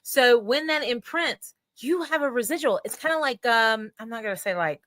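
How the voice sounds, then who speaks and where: Animated Appalachian woman telling stories. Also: fairly high pitch, normal speed, dry recording. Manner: animated storyteller, acts out quoted voices. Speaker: guest psychic medium. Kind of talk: casual interview talk.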